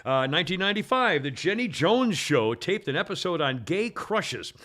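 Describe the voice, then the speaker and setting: A man's voice: fairly high pitch, very animated, moderate pace, sharp tone. A man hosting a talk radio show, reading this-day-in-history items in a rambling way, full of uhs and restarts.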